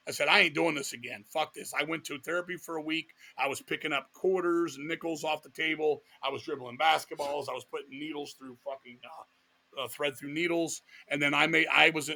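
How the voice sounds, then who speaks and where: A middle-aged man from Virginia, telling a long personal story in an interview with a blunt, profane, animated manner. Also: fairly high pitch, a little fast, vocal fry. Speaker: guest musician.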